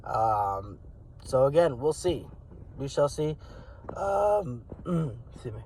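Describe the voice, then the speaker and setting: A man's voice: medium pitch, very animated, slow pace, dark tone, a little hiss or hum, low-quality recording. A man hosting his own channel, talking casually and rambling with many fillers, his voice cracking a little. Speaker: wrestling channel host. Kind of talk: casual talk to camera.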